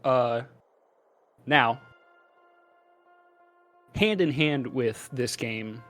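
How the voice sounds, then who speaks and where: A man's voice: mid-range voice, animated, extremely slow, fairly bright tone, no echo, soft background music. Joking, rambling man hosting a podcast. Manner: joking, rambling, laughs often. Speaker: podcast co-host. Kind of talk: casual podcast chat.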